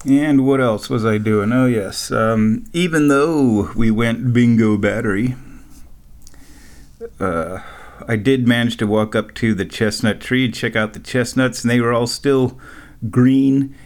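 A middle-aged man rambles through a casual solo monologue at an ordinary mid pitch. He keeps chuckling at his own tales and drops dry, sarcastic asides along the way. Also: measured pace, darkish tone. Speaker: vlogger.

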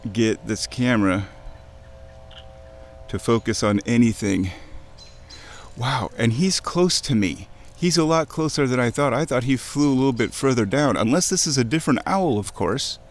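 A man narrating a nature walk by a wooded creek in an excited, chatty way, talking to himself as he films. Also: mid-range voice, measured pace, pauses often, a little hiss or hum. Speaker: nature vlogger. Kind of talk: casual outdoor narration. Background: birdsong.

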